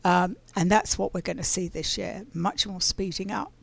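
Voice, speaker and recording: Gravelly-voiced woman rambling through a story. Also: lowish voice, fairly even intonation, moderate pace, no echo. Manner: rambling, many fillers and restarts. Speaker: oracle card reader. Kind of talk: casual spiritual storytelling.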